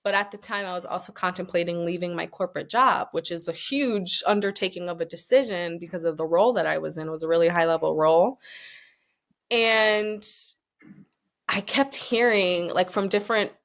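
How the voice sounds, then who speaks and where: A young adult woman speaking as a podcast guest in a slightly low voice. She tells her story in a loose, chatty way, full of fillers and asides, and grows emotional as she talks. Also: moderate pace. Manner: chatty and expressive, many fillers, emotional at times.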